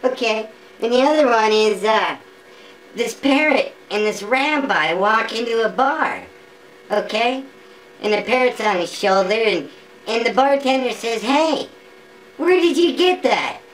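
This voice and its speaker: A woman telling a string of jokes in a casual, halting way, often repeating words and restarting sentences. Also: fairly high pitch, expressive, low-quality recording. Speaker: joke teller. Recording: faint background noise.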